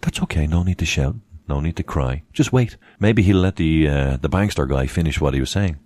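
Man with a very deep, dry-recorded voice; emphatic casual explainer with mocking asides. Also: fairly quick, darkish tone, no echo. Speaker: presenter giving legal advice. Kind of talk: casual instructional monologue.

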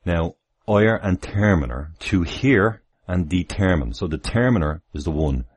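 A man hosts a casual livestream from home. His voice sits extremely low, with a husky, breathy edge. He rambles through asides and chuckles often as he talks. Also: animated, a little slow. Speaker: livestream host. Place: home, near the kitchen.

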